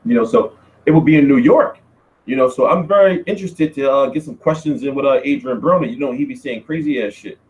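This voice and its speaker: A man hosting a casual boxing Q&A stream, talking loosely and profanely, with loud, high-pitched outbursts when he tells a story. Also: fairly quick, rough recording. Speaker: boxing show host.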